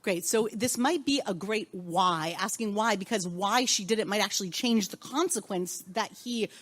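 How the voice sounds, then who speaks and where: A woman's voice: medium pitch, moderate pace. A woman rabbi and cantor teaching an interactive Torah class in a synagogue, calling on students and asking the group questions.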